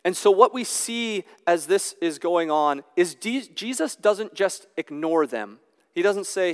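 A man delivering an expository sermon, with casual asides between the passages he reads. His voice sits a little high for a man and comes across smooth and resonant. A long reverb hangs behind each phrase, as in a large hall. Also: expressive, measured pace. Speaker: pastor.

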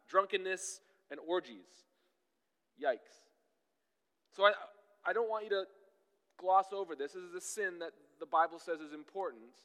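A man in his thirties, a pastor, preaching a sermon in a conversational, emphatic way with sudden loud bursts. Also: high voice, normal speed, long pauses, big-room sound.

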